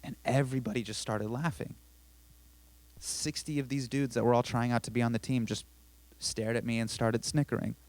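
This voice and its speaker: A young man tells a personal story on stage with an average pitch. He is self-deprecating and animated, dropping to quiet asides and then rising into sudden loud bursts. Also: moderate pace. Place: theater stage.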